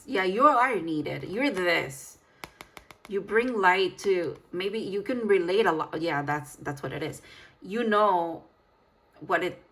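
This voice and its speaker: Woman, tarot reader, lowish voice, chatty, emphatic, casual reading to camera. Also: fairly bright tone. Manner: chatty and emphatic, with laughs and sighs.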